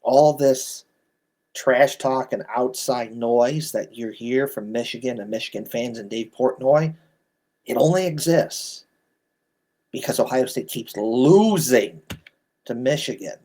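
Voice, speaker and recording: Slow, blunt ranting man in his thirties. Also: medium pitch, mellow. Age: 30s. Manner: blunt, exasperated, repetitive scolding. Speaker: sports commentator. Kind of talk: ranting commentary.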